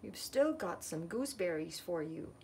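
A woman's voice: on the low side, animated, normal speed, gravelly, a little mellow, slight background noise. A woman voicing chatty, teasing gooseberry girls in a storybook reading.

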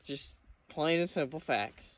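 A teenage boy vlogging an emotional, excited hunting story to his viewers. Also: fairly high pitch, measured pace, no echo. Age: teens. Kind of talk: casual storytelling to camera.

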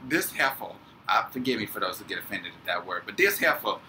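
Young male vlogger, lowish bright voice, animated storyteller, faint room noise. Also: fast talker, few pauses, low-quality recording. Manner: animated, acts out quoted people. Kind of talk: casual storytelling.

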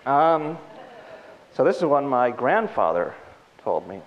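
A man hosting on stage, telling jokes in a halting way with many restarts. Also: mid-range voice, sing-song, a little hiss or hum. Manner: halting, full of fillers and restarts. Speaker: host. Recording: dull lo-fi stage recording.

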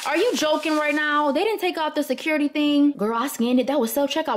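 A woman's voice: high voice, fast talker, few pauses. A young woman vlogging in a chatty, exclaiming way, talking to her viewers as y'all. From Michigan, USA. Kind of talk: casual chat vlog. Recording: echoey room with faint background noise.

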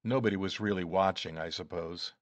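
Guy reading as a little sheepish man with a secret, kinda low voice, dry close sound. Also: brisk, dry recording, lightly acted. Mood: evasive. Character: small rueful evasive man with a secret.

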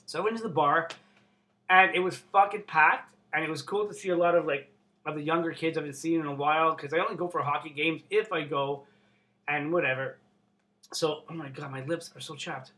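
A young man from Canada vlogging casually, excitable and swearing constantly. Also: on the high side, fairly quick. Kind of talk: casual unboxing vlog.

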